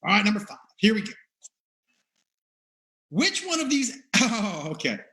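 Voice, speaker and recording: Bright high-voiced man hosting. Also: sing-song, measured pace. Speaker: game show host. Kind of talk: hosting a comedy panel game over video.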